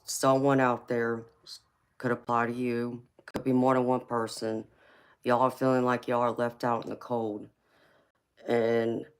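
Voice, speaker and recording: A woman with a Southern US accent doing a chatty live-stream tarot reading, speaking in a relaxed drawl and calling her viewers y'all. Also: rumbling low. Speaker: tarot reader.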